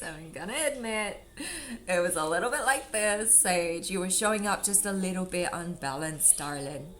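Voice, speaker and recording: A tarot reader with a lowish, fairly bright voice talks at a normal speed through a casual, rambling reading for her viewers. She calls them darling and sweetheart warmly, with faint drum music in the background.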